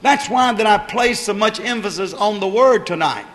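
A man with a high-sitting, slightly bright voice preaches a sermon at normal speed in a reverberant hall. He repeats phrases with rising emphasis and calls out to the congregation.

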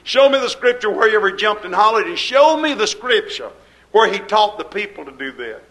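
A man with a high voice preaches a fervent sermon as pastor. He asks rhetorical questions in folksy grammar and swings between loud and hushed. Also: sing-song, fairly quick, low-quality recording.

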